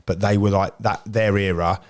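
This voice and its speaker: A man and former footballer in casual chat, earnest and quick to agree. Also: on the low side, steady tone. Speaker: ex-footballer, co-host.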